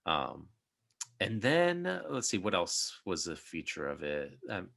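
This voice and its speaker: Brief: young male podcast host, low voice with a bright edge, rambling casual chat. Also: huge pitch swings, a little slow, gravelly. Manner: rambling, many fillers and restarts.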